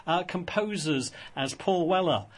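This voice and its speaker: A man's voice: sits high, unhurried. Rambling male radio presenter. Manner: rambling, with many fillers and restarts. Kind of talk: casual radio chat. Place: radio studio. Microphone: studio microphone.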